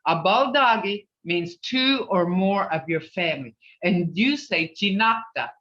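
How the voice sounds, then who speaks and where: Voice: mid-range voice, lively intonation, a little slow, fairly bright tone, reverberant. A teacher leading an online language class, patiently drilling words syllable by syllable and reassuring the students. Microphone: video call. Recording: dull video-call audio.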